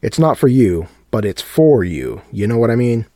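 A man's voice: lowish voice, very animated, moderate pace, mellow, dry recording, studio quality, voice pushed up. A man voicing a showy, sadistic male ringmaster villain who talks like a hyper-enthusiastic announcer. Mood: mocking.

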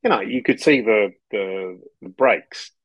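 A man's voice: lowish voice, measured pace, a bit bright, no room sound, poor audio. A man as a podcast guest, chatting casually and explaining at length, laughing often and restarting phrases. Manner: explanatory, talks in long runs. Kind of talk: casual interview chat.

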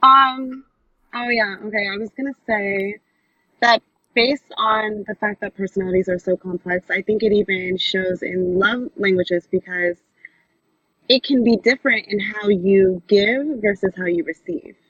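A woman's voice: mid-range voice, steady tone, a little slow, a bit bright, dry recording, lo-fi sound. A woman as a guest on a podcast, chatting casually and rambling with many likes and you knows. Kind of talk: casual chat.

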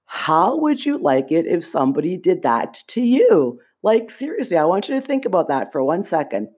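A woman's voice: low-pitched, big pitch swings, normal speed, darkish tone, slightly rough. A woman hosting a podcast, telling a personal story in an indignant, emphatic way, with frequent swearing. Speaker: podcast host.

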